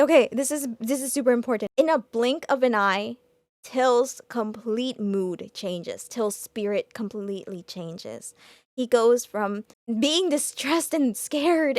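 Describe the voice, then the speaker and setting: High-voiced gushing woman reacting. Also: no room sound, clean studio sound. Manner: emotional, gushing, stumbles over words. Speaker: reaction video host. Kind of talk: excited reaction commentary.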